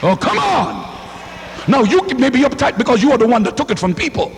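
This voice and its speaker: A man preaching a sermon in a church, swinging into shouted lines and calling for responses from the congregation. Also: extremely high pitch, lively intonation, racing. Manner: fiery, rising to shouts, call-and-response. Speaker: pastor. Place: church sanctuary. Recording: hall reverb, faint hum.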